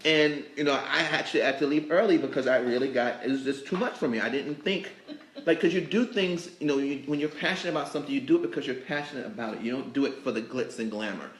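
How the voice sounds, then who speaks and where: Excitable man hosting in an echoey shop. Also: fast talker. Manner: excitable, effusive, emotional, jumps into high mock voices. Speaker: host. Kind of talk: casual live interview chat. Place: cake supply store.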